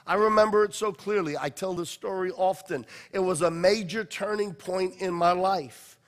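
A high-voiced male pastor delivers a sermon in a church sanctuary, his voice carrying a long hall reverb. He tells stories with passion, pushing hard on some lines and dropping almost to a hush on others. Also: normal speed. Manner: passionate storytelling preacher, swinging from loud to hushed.

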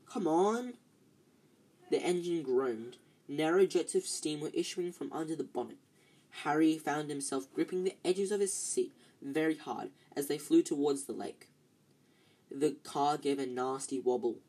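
A tired amateur reader with a mellow, mid-range voice reads a novel aloud at normal speed. They slip up and restart often.

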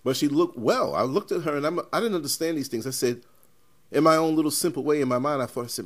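A man hosting a podcast, telling stories in an animated, emphatic and rambling way. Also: a little high, fast talker. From New York. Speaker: podcast host. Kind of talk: casual podcast chat.

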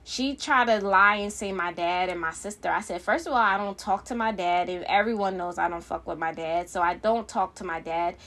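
A woman's voice: lowish voice, normal speed, hardly any pauses, fairly bright tone. A woman, a mother, telling a casual storytime about a family conflict, heated and profane, often repeating what she said. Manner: heated, profane, repeats "I said" while quoting herself.

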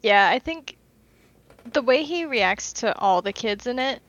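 A woman co-hosting a casual podcast, telling stories in an animated, chatty way with some casual swearing. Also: a little high, measured pace, no room sound, dull audio. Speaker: podcast co-host.

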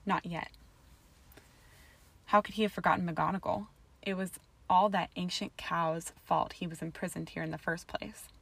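A woman reading a story aloud in a calm, even storytelling voice. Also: lowish voice, normal speed, vocal fry, long pauses, husky, no room sound. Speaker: reader. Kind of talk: audiobook narration of fan fiction.

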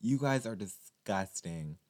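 A man vlogging to his viewers in a casual monologue, animated and teasing, rambling with many restarts. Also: lowish voice, slow.

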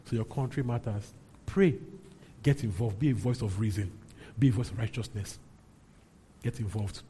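A man's voice: lowish voice, moderate pace, mellow, a little hiss or hum. A man preaching a sermon as pastor, emphatic and often checking in with his congregation. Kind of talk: sermon teaching and prayer.

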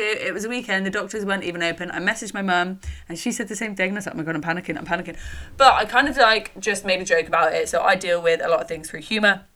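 Young woman, lowish voice, casual storytelling, candid, fillers. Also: a bit bright. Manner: chatty and candid, swears casually, lots of fillers. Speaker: podcast host.

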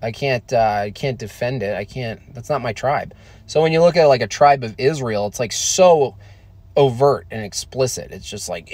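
An American man casually answering viewer questions on a stream, halting with many fillers and restarts. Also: mid-range voice, animated, a little mellow, slightly rough, no room sound. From United States. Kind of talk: casual livestream chat.

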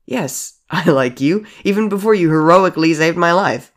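A man's voice: fairly high pitch, moderate pace, voice pushed up, lightly acted. A man voicing an earnest, giddy nonbinary young adult in a storybook audio drama, with a raised, eager voice.

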